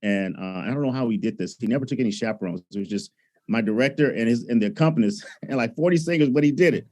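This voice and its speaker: A man from Alabama, a choral conductor telling stories in a lively, conversational way. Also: medium pitch, fast. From Alabama, USA. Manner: animated storyteller, acts out his own past thoughts. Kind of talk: conversational storytelling.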